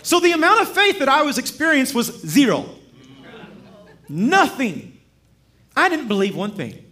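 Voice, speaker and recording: High-voiced man preaching a lively sermon. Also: measured pace. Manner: lively, humorous, chuckles while telling stories. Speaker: guest preacher. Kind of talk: sermon with storytelling.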